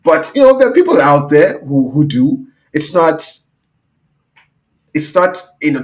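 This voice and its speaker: A man co-hosting a podcast in casual chat, animated and laughing, acting out what others might say. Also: fairly high pitch, a little slow. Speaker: podcast co-host.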